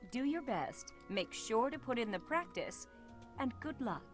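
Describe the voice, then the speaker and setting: A woman's voice: on the high side, big pitch swings, measured pace, soft background music. An actress voicing a theatrical, flirty woman teacher in a video game, with a playful sing-song delivery. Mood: teasing.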